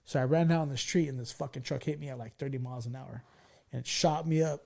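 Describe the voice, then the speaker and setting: A man in his forties from California, hosting a podcast and telling stories in a loose, profane, excitable way. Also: medium pitch, fast, gravelly. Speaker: podcast host. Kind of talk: casual storytelling chat.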